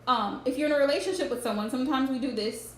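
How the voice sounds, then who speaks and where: A woman's voice: high-pitched, fast talker. A woman giving a live-streamed tarot reading, earnestly advising viewers and often repeating her points. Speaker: tarot reader. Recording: roomy echo with faint background noise.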